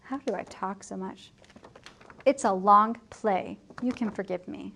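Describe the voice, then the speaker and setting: A woman teacher giving a chatty, joking plot summary for her students, slipping into quick character voices. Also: mid-range voice, vocal fry, sharp tone, a little hiss or hum.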